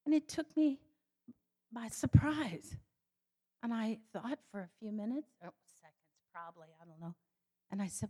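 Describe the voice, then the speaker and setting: An older woman telling her personal faith story, animated and acting out the voices she quotes. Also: a little slow, long pauses. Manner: animated, acts out quoted voices with sudden high jumps. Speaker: speaker giving a personal faith testimony.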